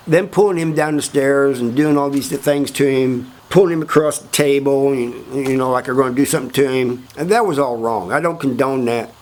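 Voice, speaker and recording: A man hosting his own channel, telling a story in a laid-back, chuckling way with plenty of fillers. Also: mid-range voice. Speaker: host telling prison stories. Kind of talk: casual storytelling.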